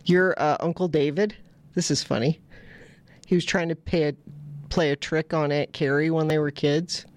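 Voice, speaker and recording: A woman's voice: low voice, steady tone, moderate pace, darkish tone, dry recording. A woman co-hosting a casual family chat, telling stories and laughing often. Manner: chatty storyteller, laughs often. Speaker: podcast co-host.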